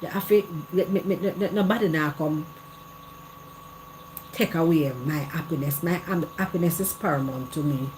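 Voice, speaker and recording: A woman's voice: low voice, moderate pace, a little mellow, slight background noise. A middle-aged Jamaican woman hosting a live chat, telling her own story candidly in patois and repeating phrases. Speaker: live stream host.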